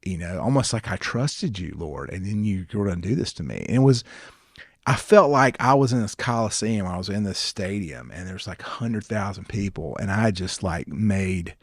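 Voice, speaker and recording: A man, a ministry founder and guest, sharing stories in an earnest, animated way, often restarting his sentences. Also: low-pitched, normal speed, dry recording, studio quality. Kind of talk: conversational storytelling interview.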